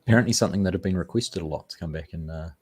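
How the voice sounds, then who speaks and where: A man's voice: low-pitched, rapid-fire, darkish tone, husky. A man hosting a casual gaming chat, easygoing as he reads out viewer comments. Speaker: channel host.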